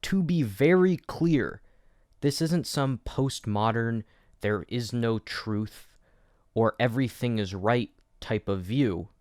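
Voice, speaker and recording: A man's voice: medium pitch, slow, darkish tone, no echo. Guy doing a history video essay, wry little jokes, dry close sound, mid voice. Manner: wry, jokey asides. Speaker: educational YouTube host.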